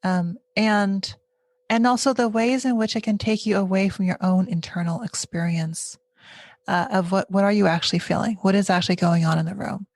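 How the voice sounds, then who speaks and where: A woman hosting a podcast, speaking in a thoughtful, searching way with many pauses and restarts. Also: mid-range voice, steady tone, darkish tone. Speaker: podcast host. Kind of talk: reflective conversation.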